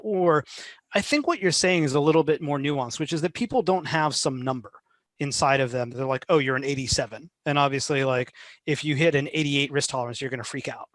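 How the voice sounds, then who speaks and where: A man speaking as a guest in a casual interview, animated and full of fillers, often acting out what other people say. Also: fairly high pitch, no room sound. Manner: animated, many fillers, acts out quoted voices. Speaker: behavioral finance guest.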